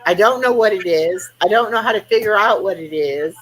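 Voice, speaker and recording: A woman's voice: mid-range voice, brisk, a little hiss or hum, poor audio. An older woman, chatting casually on a live stream over a video call and acting out conversations as she tells stories. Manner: chatty storytelling, acting out quoted talk. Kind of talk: casual chat.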